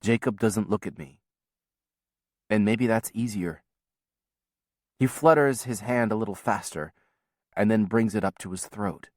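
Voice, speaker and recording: A man reading a novel aloud as first-person audiobook narration, in a measured, quiet storytelling manner. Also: on the low side, no echo, studio quality.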